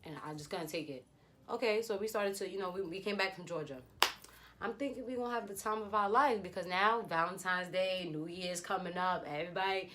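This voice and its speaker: A woman's voice: on the low side, a little fast, slight background noise. Chatty young woman telling a story. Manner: chatty, animated retelling with acted-out quotes. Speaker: beauty vlogger. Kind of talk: storytime vlog.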